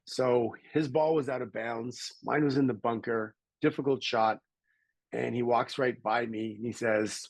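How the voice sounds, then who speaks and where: A middle-aged man from Canada, a podcast guest telling stories in a lively conversational way and acting out the voices of people he quotes. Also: medium pitch, unhurried, no room sound, low-quality recording. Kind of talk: conversational storytelling.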